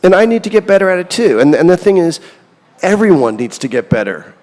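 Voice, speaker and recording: A man's voice: high voice, very animated, brisk, a little mellow. Candid rambling man in a reverberant room. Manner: candid, rambling, self-deprecating, laughs often. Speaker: songwriter guest. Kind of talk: casual interview.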